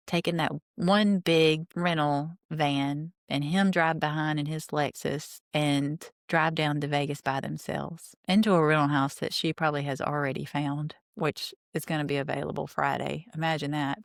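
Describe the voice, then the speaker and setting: Her low, gravelly voice carries a podcast where she rehashes a reality TV rewatch, reading quotes out loud and walking through scenes with talkative outrage. It's a clean studio recording without echo.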